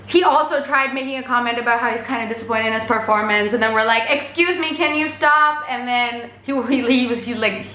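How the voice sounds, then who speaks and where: Woman, bright clear tone, slightly high voice, gushing chatty storytelling, roomy echo. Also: fairly even intonation, fast, hardly any pauses. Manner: gushing, chatty, filler-heavy retelling. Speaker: vlogger recounting a concert. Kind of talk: casual storytelling to camera.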